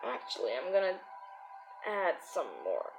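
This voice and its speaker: A woman's voice: fairly low pitch, very animated, unhurried, gravelly, music in the background. A young adult woman with a Polish accent, a native Polish speaker, chatting casually on a live stream while she draws, hungover, chuckling often and muttering to herself. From Poland. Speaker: artist streaming while drawing.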